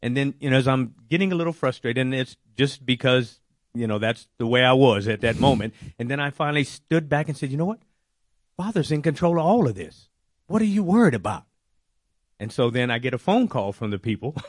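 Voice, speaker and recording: A man telling a personal faith testimony, animated and acting out his own worried words. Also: mid-range voice, brisk, dry recording, studio quality. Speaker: testimony speaker.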